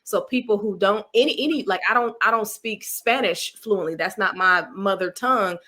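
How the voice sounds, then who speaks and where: A woman guest on a podcast, talking in an animated, expressive way about speaking and laughing easily. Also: mid-range voice, moderate pace. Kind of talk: casual interview.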